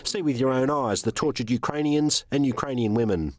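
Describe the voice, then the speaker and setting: A man giving a steady, grave voice-over translation. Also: medium pitch, a little fast. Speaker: interpreter voice-over.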